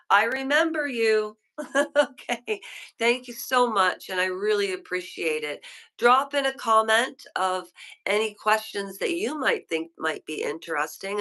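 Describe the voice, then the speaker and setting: A woman's voice: fairly high pitch, bright, forceful tone. A woman hosting a live stream from a hotel room, chatting with viewers in a rambling, opinionated way that keeps wandering off topic. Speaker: livestream host.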